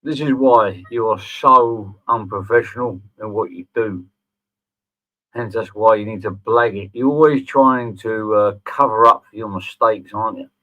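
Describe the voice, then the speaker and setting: A middle-aged man sneers his way through a mocking response video, swearing freely. He talks slowly in a lowish voice. The sound is thin and phone-like. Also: pushed and bright. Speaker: channel host. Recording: tinny phone-like audio.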